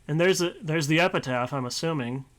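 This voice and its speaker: A man's voice: fairly high pitch, fairly quick, fairly bright tone. A man streaming a visual novel, reading narration aloud and rambling casually with light swearing. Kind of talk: let's-play commentary and reading aloud.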